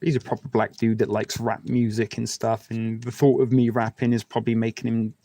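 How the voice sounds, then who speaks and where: Gravelly English West Country man, rambling. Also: mid-range voice, little pitch movement, a little fast, mellow, dry recording. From England. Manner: rambling, crude joking, many fillers and restarts. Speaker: livestream host. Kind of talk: casual chat with viewers.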